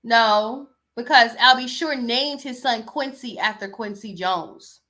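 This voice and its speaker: A young adult woman hosts a casual gossip podcast, reading celebrity news aloud and riffing on it in a sassy, chatty way. Her voice is on the high side and sharp, and she speaks slowly.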